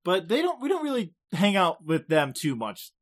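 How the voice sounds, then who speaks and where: A man chatting through an anime recap on a podcast, his voice sitting fairly high. He swings his pitch widely and laughs easily as he talks. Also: moderate pace. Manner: animated, laughs often, mimics characters. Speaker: podcast co-host. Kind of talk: casual chat recapping an anime.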